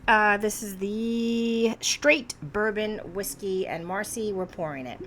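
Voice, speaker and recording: A woman's voice: mid-range voice, slow pace, a bit bright, a little hiss or hum. A woman hosting a podcast, chatting in a rambling, casual way and laughing often. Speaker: podcast host. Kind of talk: casual chat. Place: Hudson Valley, New York.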